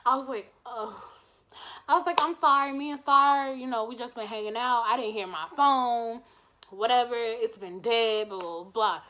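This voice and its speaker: A woman vlogger telling a personal story in a casual, animated way, acting out the dialogue and swearing freely. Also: a little high, moderate pace.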